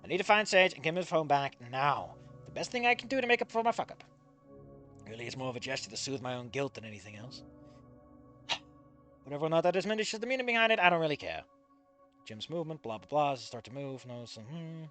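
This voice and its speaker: A man with a high, bright voice reads fanfiction aloud, his pitch swinging wildly as he stops to mock the story. He swears casually and laughs at the text, with faint music playing underneath. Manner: animated, swears freely, quick to laugh at the text. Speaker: fanfiction reader and commentator. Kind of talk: dramatic reading with comedic asides.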